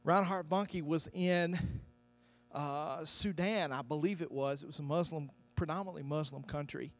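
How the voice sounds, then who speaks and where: High-voiced preacher telling a story. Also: male voice, moderate pace. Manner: storytelling, building to shouted climaxes. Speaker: pastor. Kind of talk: sermon.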